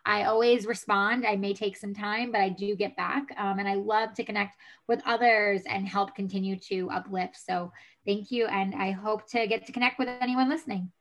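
A woman's voice: mid-range voice, steady tone, moderate pace, a bit bright. A woman with a New York accent, a guest on a podcast, chatting in a friendly upbeat way with many fillers. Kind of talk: casual interview chat.

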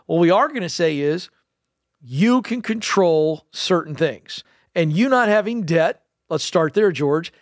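Talk show co-host: animated, wry man, slightly high voice, dry studio sound. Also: a little slow, no echo. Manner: animated, wry, keeps turning to his co-host. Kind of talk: casual chat.

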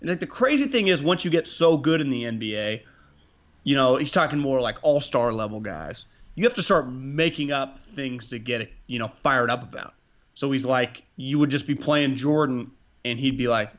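A man co-hosting a casual sports podcast, rambling, excitable and profane as he talks. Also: on the high side, moderate pace, highs cut off. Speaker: podcast co-host.

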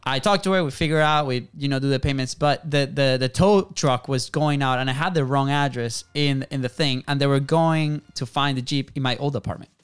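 A man's voice: medium pitch, a little fast, hardly any pauses, smooth. A man, a podcast host, telling a personal story in casual chat, rambling with restarts and tagging on "right?".

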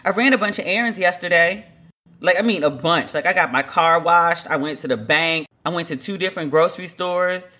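Bright-voiced woman telling a story. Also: lowish voice, brisk. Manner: chatty, lots of "like" fillers, incredulous asides. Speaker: podcast host. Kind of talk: casual storytelling monologue.

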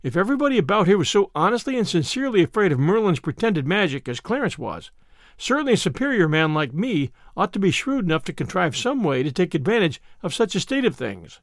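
A man's voice: sits high, big pitch swings, fast talker, dry recording, clean studio sound. A man narrating a classic novel in a theatrical, brash first-person voice. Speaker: audiobook narrator.

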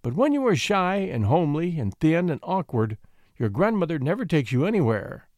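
A man reading a classic storybook aloud with an expressive, sympathetic delivery. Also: on the high side, normal speed, no echo.

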